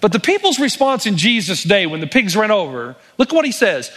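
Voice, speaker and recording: A man's voice: sits high, sing-song, normal speed, bright, forceful tone. A male pastor preaching a sermon, telling stories with acted-out quotes and wry humor.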